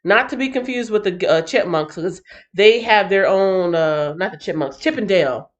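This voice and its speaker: A woman's voice: medium pitch, normal speed, dull audio. A woman hosting a Bible reading stream, chatting casually and animatedly with many fillers.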